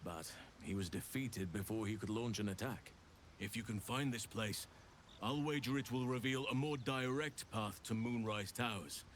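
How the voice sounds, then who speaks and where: An actor voicing an earnest man who offers to join the group in a fantasy video game, speaking in a measured, formal way. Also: on the low side, a little hiss or hum, close to an everyday voice.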